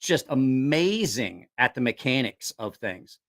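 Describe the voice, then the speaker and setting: Lively, profane male livestream host. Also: medium pitch, measured pace. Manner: lively, profane, laughing storyteller. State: a little tipsy after drinks. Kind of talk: casual storytelling livestream.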